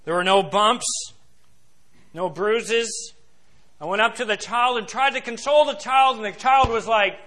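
A male pastor preaching a sermon, who swings from soft, low asides to loud, rising emphasis and quotes scripture and hymn lines in a slow, stressed cadence.

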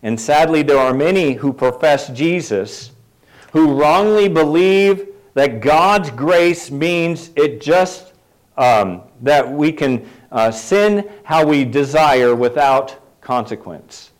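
Middle-aged pastor preaching, talky and casual, throws questions at the pews, slightly higher voice. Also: male voice, expressive, slow, rough recording. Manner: conversational, asks the congregation questions, light asides. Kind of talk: sermon.

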